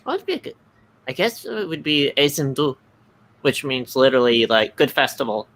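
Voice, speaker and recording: Bright, dry-voiced chat guest. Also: mid-range voice, very animated, moderate pace. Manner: dry, matter-of-fact, pedantic. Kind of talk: casual group chat.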